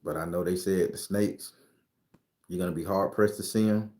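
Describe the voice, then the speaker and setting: A man's voice: low-pitched, steady tone, normal speed, dark tone, reverberant. A man giving spiritual predictions in a loose, profane, emphatic way, laughing often. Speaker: spiritual reader sharing predictions. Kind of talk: casual spiritual vlog talk.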